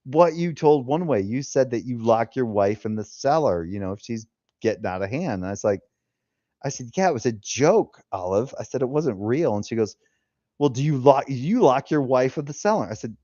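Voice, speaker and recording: A lively man hosting a casual live-stream chat, his voice leaping up and down as he acts out the people in his stories. He speaks at an ordinary middle pitch into a headset. The sound is muffled and bone-dry. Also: moderate pace, no room sound. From California. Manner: animated storyteller, acts out quotes. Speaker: host.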